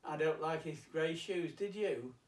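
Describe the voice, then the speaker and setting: A man's voice: on the high side, a little slow, lightly acted. A man doing a prim, snobbish old aunt. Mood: sniffy. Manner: prim, disapproving, hesitant. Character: fussy snobbish aunt, older woman. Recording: roomy, distant, faint piano.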